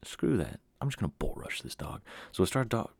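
A young man hosting a podcast, telling a rambling story in a casual, animated way with mocking asides. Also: on the low side, brisk, creaky, slightly rough, no room sound. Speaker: podcast host.

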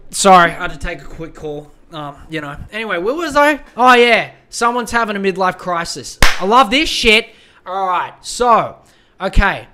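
A man's voice: sits high, animated, moderate pace, bright, forceful tone, a little hiss or hum. A man hosting a casual solo podcast, reading out a listener's letter and giving blunt, profane advice in a rambling way.

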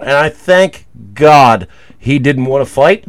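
A man co-hosting a podcast, telling stories casually with lots of swearing and turning loud when he acts out arguments. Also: fairly high pitch, moderate pace. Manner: profane storytelling, loud when acting out arguments. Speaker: podcast co-host. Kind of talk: casual chat.

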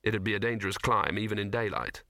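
A man reading an audiobook as narrator, in a measured, dry storytelling manner. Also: lowish voice, pushed and bright, no room sound. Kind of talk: scripted narration.

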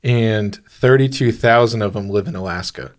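A man's voice: lowish voice, moderate pace. A man co-hosting a podcast in casual chat, rambling and restarting his sentences, laughing at his own jokes. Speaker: podcast co-host.

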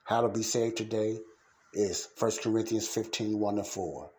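Low, mellow-voiced man preaching casually. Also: steady tone, moderate pace. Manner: fervent, repetitive, shifts from ranting to soft pleading. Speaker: podcast host.

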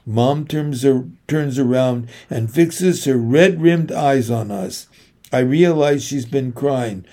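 Slow, gravelly male audiobook narrator. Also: mid-range voice, mellow. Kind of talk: first-person audiobook narration.

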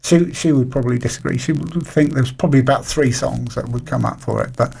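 A man's voice: medium pitch, fairly even intonation, a little fast, vocal fry, a little mellow, slightly rough. A middle-aged man from Britain, a radio show guest, talking casually with many fillers and restarts.

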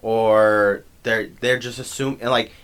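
A man co-hosting a podcast, talking in an animated way and asking leading questions. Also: fairly low pitch, slow pace, clear, resonant tone. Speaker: podcast co-host. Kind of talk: casual chat.

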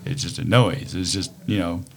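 A man's voice: low voice, moderate pace, vocal fry. A middle-aged man and father in a casual podcast chat, telling stories with lots of fillers and acting out quoted lines. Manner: animated storyteller, acts out quotes, many fillers. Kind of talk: casual conversation.

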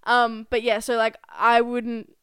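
Young aussie girl podcasting, kinda high voice, says like constantly, dry close sound. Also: monotone, measured pace, fairly bright tone, clean tone, no room sound. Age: about 20. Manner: chatty, fills speech with "like", swears casually. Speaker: podcast co-host. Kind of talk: casual chat.

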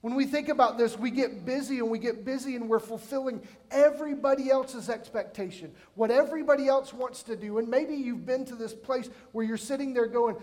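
Pastor in his forties, light high voice, conversational sermon with emphatic bursts and questions to the room. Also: fairly quick, hardly any pauses, a little mellow. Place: church sanctuary.

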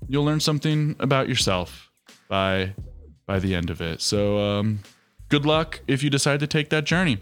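A man, hosting a podcast in a loose, chatty way. He tells stories with sarcasm and a lively, swooping pitch, full of filler words. Faint music plays behind him. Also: normal speed, clear, resonant tone. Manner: sarcastic, animated storytelling with many fillers. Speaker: podcast host. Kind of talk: casual chat.

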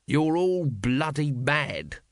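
A male narrator voicing a gloomy, exasperated watch captain who shouts in disbelief. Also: mid-range voice, animated, moderate pace, dry recording, clean studio sound, natural voice. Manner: exasperated outbursts.

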